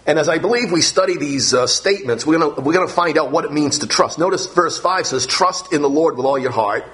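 A man preaching a sermon with a somewhat high voice. He is earnest and keeps repeating phrases, and his voice climbs on the words he wants to stress. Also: lively intonation, brisk, fairly bright tone. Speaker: pastor.

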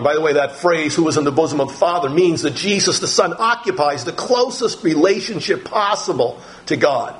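A middle-aged male pastor preaches a sermon, teaching from the Bible slowly and deliberately with pauses and fillers. His voice is fairly high with lively intonation, but the audio is poor.

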